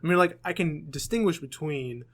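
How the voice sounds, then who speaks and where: A man's voice: a little high, moderate pace, fairly bright tone. Rambling young man podcast host. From United States. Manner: rambling, self-correcting, frequent ums. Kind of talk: casual chat.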